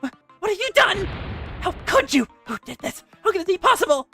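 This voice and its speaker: A woman voicing a reclusive, prickly young librarian girl who speaks in a low, hushed mutter. Faint music plays underneath. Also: animated, fast. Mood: distraught. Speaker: library committee president.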